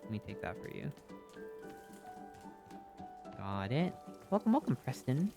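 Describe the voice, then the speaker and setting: Low-key streamer talking over a game. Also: sing-song, measured pace, gravelly, loud music behind the voice. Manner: low-key, quiet, offhand. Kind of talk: casual game commentary.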